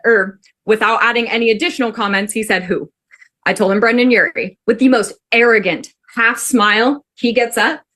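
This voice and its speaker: A woman from the Pacific Northwest telling a personal story to a class in an animated, chatty way, full of "like". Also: on the high side. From Pacific Northwest, USA. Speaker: student storyteller.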